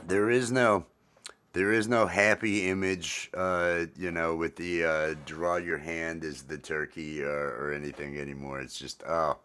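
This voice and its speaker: A relaxed man chatting on his own livestream, drifting from thought to thought and saying things twice. His voice sits on the low side. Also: unhurried, smooth. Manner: laid-back, rambling, repeats phrases, greets viewers by name. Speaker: livestream host. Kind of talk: casual livestream chat.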